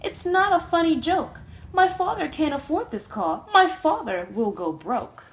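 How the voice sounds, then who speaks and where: A woman's voice: sits high, very animated, measured pace, a little hiss or hum, voice pushed up, exaggerated voice. A woman voicing a frantic little girl crying out in a storybook reading. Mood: panicked. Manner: cries out in alarm.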